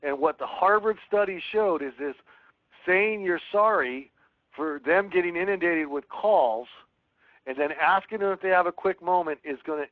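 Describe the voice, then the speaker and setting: A man's voice: fairly high pitch, no echo. A man teaching a real estate sales webinar, coaching earnestly and reading sample phone scripts aloud. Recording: tinny phone-like line.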